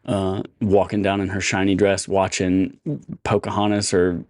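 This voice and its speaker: A man co-hosting a casual podcast, telling stories in an animated, profane way. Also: deep voice, normal speed, no room sound, studio quality. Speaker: podcast co-host. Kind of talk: casual chat, storytelling.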